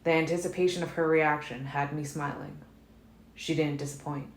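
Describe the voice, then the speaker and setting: Woman audiobook narrator; low, even delivery; faint hiss in an echoey room. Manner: calm, measured first-person reading. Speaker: audiobook reader. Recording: roomy echo, faint noise.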